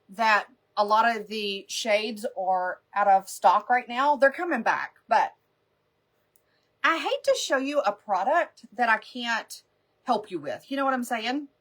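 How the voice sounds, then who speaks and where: Her voice sits a little high and sounds fairly bright. Running a makeup livestream, she rambles happily through anecdotes, keeping things chatty and breaking into frequent laughter.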